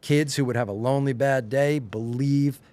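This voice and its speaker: A middle-aged man with a faint Long Island accent, recorded close on a dry mic with no room sound. He talks in an easygoing, animated way, often putting on the voices of the people in his stories. His pitch is middle of the range for a man. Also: normal speed, dry recording. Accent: slight Long Island. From Long Island, New York. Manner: animated storyteller, acts out quotes with rising excitement. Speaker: podcast guest, showrunner. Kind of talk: casual chat.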